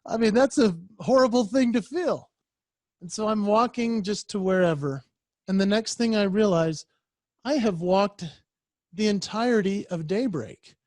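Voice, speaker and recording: Brief: man, high voice, animated storytelling keynote speaker acting out voices, dry close sound on a video call. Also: measured pace, no echo. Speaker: professional speaker.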